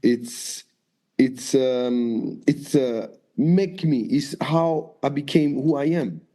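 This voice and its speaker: Mellow-voiced man telling lively stories. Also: medium pitch, slow pace. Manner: lively storyteller, acts out quoted voices, swears freely. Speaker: guest dancer and choreographer. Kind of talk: storytelling interview.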